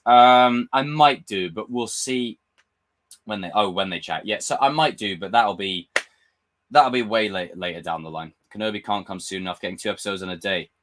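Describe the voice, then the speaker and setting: A young man hosting a live stream, chatting casually and ranting with lots of swearing. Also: low voice. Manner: animated, swearing, ranting fan. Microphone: desk mic with camera.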